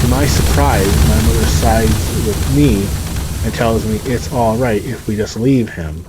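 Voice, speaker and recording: A man's voice: fairly low pitch, a little slow, heavy background noise. A man reading a story aloud and breaking in with profane, sarcastic asides. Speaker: story reader and commentator. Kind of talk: reading a story aloud with reactions over gameplay.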